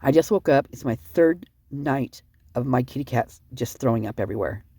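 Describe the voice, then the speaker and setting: A sleep-deprived, upset vlogger rambles through commentary, often breaking off mid-thought. The voice is husky and mellow. The recording is dry and close. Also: mid-range voice, no echo. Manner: fast, rambling, self-interrupting. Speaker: vlogger reading police reports.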